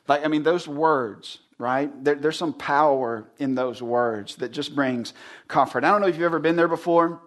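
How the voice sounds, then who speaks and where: A man in his thirties preaching a sermon, telling a personal story in an earnest, casual way, dropping low and soft when he quotes words of comfort. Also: moderate pace. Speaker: pastor.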